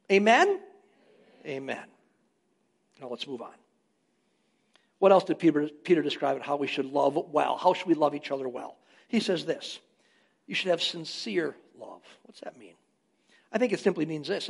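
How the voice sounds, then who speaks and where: A man preaching from the pulpit in a church, his voice pitched high with a gravelly rasp. He drives key lines hard and loud, then drops back to a conversational tone. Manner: emphatic preaching, rising loud on key phrases. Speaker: pastor. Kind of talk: sermon.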